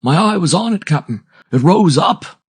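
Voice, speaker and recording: A man voicing a hoarse old male sailor at a ship's wheel, talking in excited, blunt seaman's speech. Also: medium pitch, unhurried, no echo, clean studio sound, pitched above the performer's own voice.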